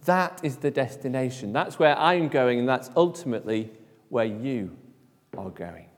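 A man preaching a sermon, speaking emphatically and letting phrase endings fall to a hush. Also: mid-range voice, lively intonation, normal speed, long reverb tail.

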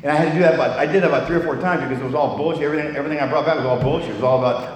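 A man's voice: medium pitch, rapid-fire, a crowd in the background. Older male speaker, rambling salty testimony, echoing hall with long reverb. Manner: rambling, salty, with many restarts. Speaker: recovery meeting speaker. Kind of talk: personal testimony talk.

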